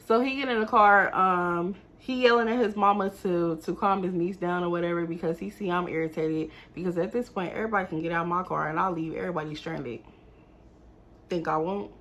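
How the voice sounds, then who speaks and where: A woman's voice: on the low side, fairly even intonation, a little fast, fairly bright tone, a little hiss or hum. A young woman telling a casual storytime straight to camera. She keeps turning to her viewers to vent her exasperation. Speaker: vlogger.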